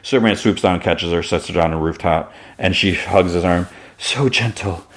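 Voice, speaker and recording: A male podcast host with a very low voice, recapping an episode in a loose, rambling way. He peppers his talk with "like" and "you know.". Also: steady tone, brisk. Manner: rambling, filler-heavy storytelling.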